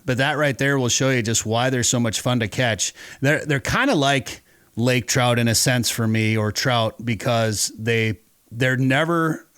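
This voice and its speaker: A man's voice: medium pitch, fairly bright tone, clear, resonant tone, no room sound. Fishing show host guy, chatty rambling stories, mid voice, dry close sound. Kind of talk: casual interview chat.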